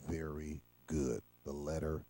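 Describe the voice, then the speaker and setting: A middle-aged man hosting a children's show, teaching preschoolers in a slow, repetitive, coaxing call-and-response manner. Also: a bass voice, flat delivery, mellow.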